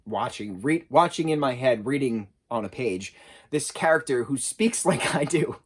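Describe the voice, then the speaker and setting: A man in his thirties giving a casual spoken book review, chatty and excitable, with a sarcastic streak and frequent restarts. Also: mid-range voice, normal speed, a little hiss or hum.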